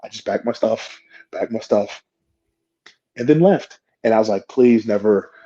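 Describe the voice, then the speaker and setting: A husky, mellow-voiced man who talks fairly high and swings his pitch around, telling a story. He swears freely and acts out what people said. The sound is dull and lo-fi. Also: normal speed. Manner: profane, animated, acts out quotes. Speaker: wrestler guest. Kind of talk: animated storytelling.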